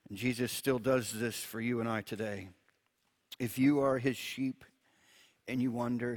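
A man who preaches in a gentle way, reads scripture aloud and chuckles often while he teaches. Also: mid-range voice, fairly even intonation, unhurried, pauses often. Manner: gentle, chuckles often, repeats words when restarting.

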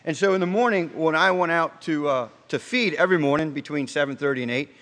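A man preaching a sermon in a conversational, storytelling way, asking the congregation questions and slowing down to stress key points, with frequent restarts. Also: on the high side, a bit bright. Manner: halting restarts, slows for emphasis. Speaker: pastor. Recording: long hall reverb.

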